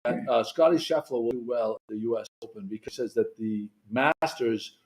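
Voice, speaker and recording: A man's voice: medium pitch, normal speed, a little mellow, poor audio. A man hosting a podcast, chatting casually and rambling a little as he tells stories. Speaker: podcast host. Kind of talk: casual chat.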